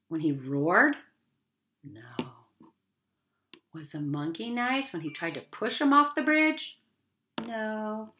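A woman reading a picture book aloud to children in a gentle, teacherly way. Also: fairly low pitch, slight background noise. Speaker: children's story reader.

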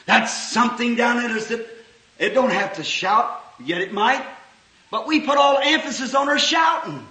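A man preaching a sermon at a church service, swinging from hushed, folksy talk to sudden impassioned shouts. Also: very high voice, moderate pace. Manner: folksy, homespun phrasing. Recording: echoey old church sermon recording.

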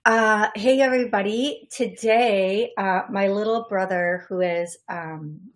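A middle-aged woman hosting a call-in radio show as a psychic medium, talking in a halting way with many fillers and restarts. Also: medium pitch, fairly even intonation.

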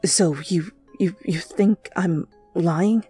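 A woman's voice: fairly low pitch, fairly even intonation, unhurried, dark tone, breathy edge, soft background music. A woman voicing a frantic, desperate young man who pleads and stammers, in a whispered role-play. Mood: hurt.

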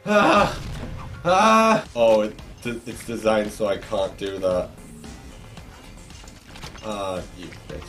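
A man's voice: lowish voice, lively intonation, extremely slow, pauses often, faint music behind. A young man giving frustrated, swearing let's play commentary while gaming. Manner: frustrated, swearing, shouting at the game. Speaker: gaming YouTuber.

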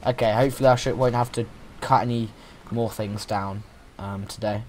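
A man's voice: fairly low pitch, steady tone, normal speed, darkish tone, a little hiss or hum. A young man chatting casually and playfully as he plays a survival game, rambling and restarting his sentences. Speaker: gaming YouTuber. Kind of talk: casual let's-play commentary.

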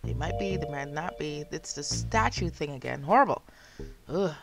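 Lively excitable woman streaming a game. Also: sits low, moderate pace, vocal fry. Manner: chatty, excitable, reacts loudly. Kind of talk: live gameplay commentary. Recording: game music behind.

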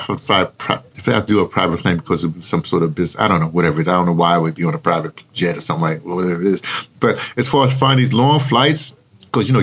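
A man's voice: medium pitch, vocal fry, a bit bright, slightly rough. A man with a New York accent talking casually and rambling to camera in a vlog, thinking aloud as he types a post. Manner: chatty, self-talk while typing a post, spells words aloud. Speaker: vlogger.

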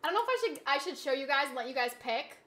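A woman streaming a game, chatting casually with her audience, reading chat aloud and slipping into animated, mock-indignant rants. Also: high-pitched, rapid-fire, a little hiss or hum. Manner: chatty, reads chat aloud, laughs easily. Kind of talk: casual live-stream chat while gaming.

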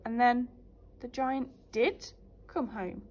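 A teacher reading a fairy tale aloud to young children in an animated, sing-song way. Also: female voice, a little high, takes it slowly.

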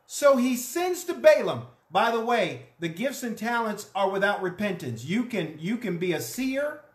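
A pastor preaching a sermon, telling a story in an animated way and acting out the characters' lines. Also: mid-range voice, a little slow, reverberant. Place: church.

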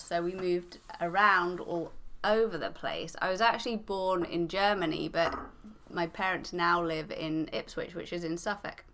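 A woman from England with a mixed English accent, a podcast guest explaining things clearly and matter-of-factly. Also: on the low side, sharp tone. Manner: clear, matter-of-fact instructing. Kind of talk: explaining, casual chat.

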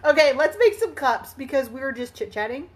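A chatty woman with a high voice hosts a live crafting stream. She greets her viewers one by one and laughs easily as she talks. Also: animated, a little fast. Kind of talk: casual live-stream chat while crafting.

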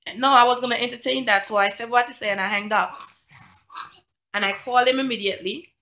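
A single mom vlogger with a fairly high, bright, forceful voice tells an indignant storytime about a conflict at a quick pace, her intonation staying fairly even. She is emphatic and keeps driving her point home with repeated rhetorical questions.

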